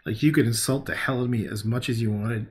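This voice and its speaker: Talking fast in a mid-range voice, a man paints on a livestream and chats loosely with viewers. He reacts to their comments, curses, jokes, and laughs at his own gags.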